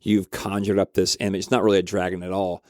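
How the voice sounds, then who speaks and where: A man voicing a patient mother in a told story, speaking slowly in a soothing, matter-of-fact way. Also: low voice, flat delivery, a little mellow, no room sound, clean studio sound, pitched below the performer's own voice, natural voice. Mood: dismissive.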